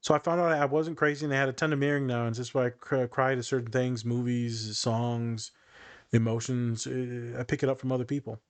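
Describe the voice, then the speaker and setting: A man's voice: medium pitch, flat delivery, brisk, smooth. A man in his thirties hosting a podcast, telling personal stories with feeling and acting out what people said. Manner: emotional, storytelling with acted-out quotes. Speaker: podcast host. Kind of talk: casual podcast chat.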